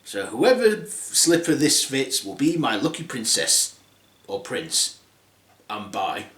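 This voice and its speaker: A man's voice: mid-range voice, sing-song, slow pace, fairly bright tone, voice pushed down. A man voicing a lecherous, crude young prince, in an echoey room. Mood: leering. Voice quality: blunt, crude.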